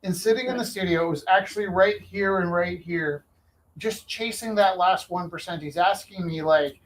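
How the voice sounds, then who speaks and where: A man's voice: sits high, moderate pace, rough recording. A man hosting a live stream who tells a story casually, with many restarts and fillers. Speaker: host and auctioneer.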